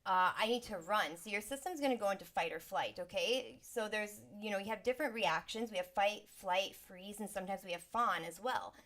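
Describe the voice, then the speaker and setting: A woman's voice: medium pitch, a little fast, few pauses, a bit bright. Woman explaining energy work in casual talk. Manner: acts out inner voices with exclamations and sighs. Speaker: sound healer.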